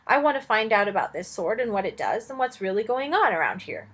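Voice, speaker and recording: A woman's voice: mid-range voice, big pitch swings, brisk, a bit bright, husky. Woman reading as an earnest young storybook hero. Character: young man, earnest and a bit annoyed.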